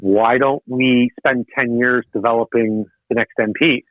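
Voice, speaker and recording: A middle-aged man talks as a podcast guest, rambling and animated and often restarting his sentences. His voice comes through a tinny, phone-like line. The sound is dry, with no room around it. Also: mid-range voice, measured pace, dry recording. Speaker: guest, political missionary. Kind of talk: podcast interview.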